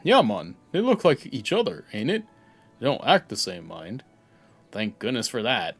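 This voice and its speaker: A man's voice: mid-range voice, sing-song, moderate pace, voice pushed down. A cheeky little male fairy from a game, as a man puts him on, talking in folksy slang and teasing his friends. The voice swings up and down with plenty of life, over faint music. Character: cheeky small male fairy sidekick, chatty.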